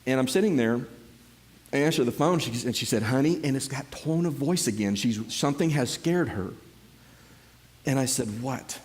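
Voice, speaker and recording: A middle-aged man gives a personal testimony to a church congregation, telling the story in an animated way with many restarts and repeated words. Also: mid-range voice, normal speed. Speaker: church member giving a testimony.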